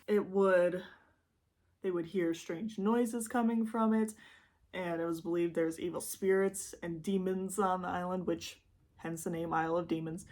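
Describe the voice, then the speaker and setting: A young woman with a Midwestern Michigan accent, telling a true-crime story in a chatty, rambling, self-deprecating way, with lively jumps in pitch for emphasis. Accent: Midwestern American, Michigan. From Michigan, USA. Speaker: YouTube host.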